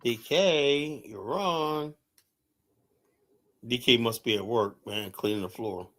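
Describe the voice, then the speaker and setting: A man's voice: mid-range voice, slow, fairly bright tone. A man co-hosting a live stream, bringing callers on in a casual, joking way. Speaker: co-host taking callers.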